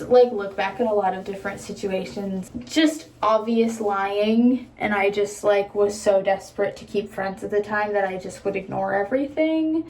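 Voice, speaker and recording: A woman's voice: medium pitch, darkish tone, roomy sound, recorded from a distance. A young woman vlogging in a casual, rambling, candid way, swearing freely and trailing off into whispers. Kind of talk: casual chat.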